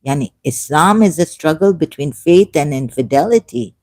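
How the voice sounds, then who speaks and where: A man giving an emotional solo commentary, swinging between loud outbursts and quiet asides. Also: on the high side, lively intonation, normal speed, no echo. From Shia Muslim background. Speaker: ex-Muslim commentator.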